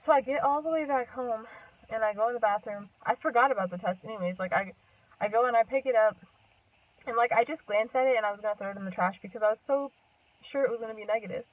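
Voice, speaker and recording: A woman's voice: fairly high pitch, quick pace, no echo. A young woman telling a personal story to her camera in a rambling, chatty way, full of "like" and "um" and frequent laughs. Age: young adult. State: a bit out of breath. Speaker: vlogger. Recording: distant tinny phone-like sound.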